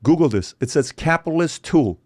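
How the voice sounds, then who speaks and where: A man from Iran, a podcast guest in casual conversation, talking in an animated, emphatic way. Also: on the high side, fairly quick. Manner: animated, emphatic, acts out other people's voices.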